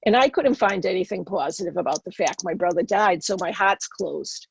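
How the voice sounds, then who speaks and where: A woman's voice: lowish voice, lively intonation, moderate pace, vocal fry, breathy edge. Earnest woman with a Boston accent. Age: middle-aged. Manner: earnest, emotional storytelling. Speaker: guest. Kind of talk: personal storytelling in a podcast interview.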